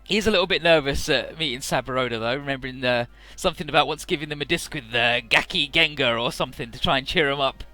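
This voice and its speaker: A man's voice: mid-range voice, fast talker, hardly any pauses, sharp tone, no echo. A man casually narrating a video game playthrough, who rambles with lots of fillers and laughs often. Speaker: let's play commentator. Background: faint game music.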